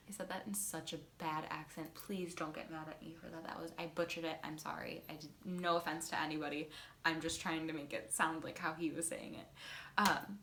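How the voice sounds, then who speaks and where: A woman's voice: low voice, moderate pace, sharp tone. A young woman vlogger telling a story in a rambling, giggly way, full of fillers and restarts, while stoned. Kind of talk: casual storytime monologue. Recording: roomy echo.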